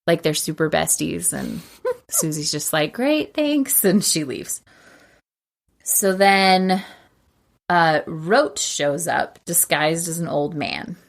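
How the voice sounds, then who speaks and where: A woman's voice: low voice, slow pace, creaky. A woman co-hosting a podcast, chattily retelling a film's plot and acting out the characters' lines. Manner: chatty, frequent "like" and laughter. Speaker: podcast co-host. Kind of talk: casual film recap chat.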